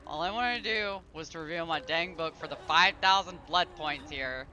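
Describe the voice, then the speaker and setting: A man's voice: fairly high pitch, normal speed, bright, forceful tone, lo-fi sound. A man streaming a video game live, talking to himself in an exasperated, grumbling way. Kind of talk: live gameplay commentary.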